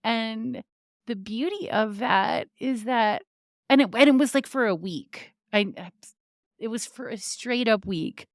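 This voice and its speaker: Slow, chatty woman podcaster. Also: fairly high pitch, no room sound, clean studio sound. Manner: chatty, laughs often, many fillers. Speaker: podcast host. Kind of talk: casual storytelling monologue.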